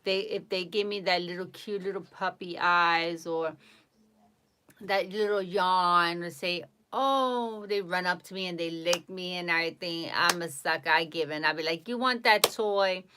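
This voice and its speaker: A woman host casually chatting on a home live stream, animated and cooing baby talk to her dog at times. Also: on the low side, normal speed.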